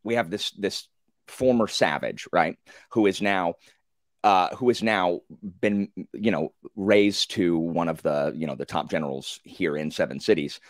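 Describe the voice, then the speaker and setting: A man in a casual group book discussion, telling the story with animated, acted-out reactions and many fillers. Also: low voice, unhurried, no echo, clean studio sound.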